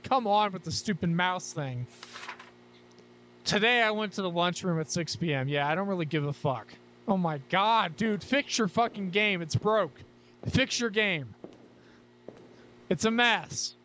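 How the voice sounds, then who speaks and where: Man, high voice, let's play commentary, swearing rants, faint hiss behind. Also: a bit bright. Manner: frustrated, swears a lot, ranting. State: losing his voice. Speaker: gaming YouTuber.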